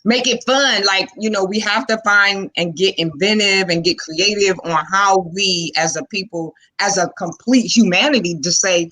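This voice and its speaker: A woman's voice: mid-range voice, moderate pace, few pauses, pushed and bright. A middle-aged woman in casual panel chat, earnest and full of "you know" fillers. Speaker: panel guest.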